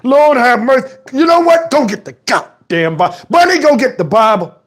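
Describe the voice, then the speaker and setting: A man's voice: extremely high pitch, very animated, normal speed. Scolding old dad, as a man puts him on. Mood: indignant. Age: older. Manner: exasperated scolding, preachy, swears, shouts at times. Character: scolding elderly father, preachy and outraged. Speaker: comedian. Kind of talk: comedic rant in character.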